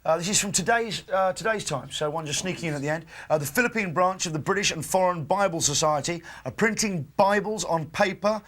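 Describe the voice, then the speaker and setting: A man's voice: sits high, brisk, few pauses. A man hosting a live breakfast TV show, bantering and reading puns with mock fanfare. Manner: playful, hammy, reads puns with mock fanfare. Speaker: breakfast TV host. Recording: loud music bed underneath. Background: music.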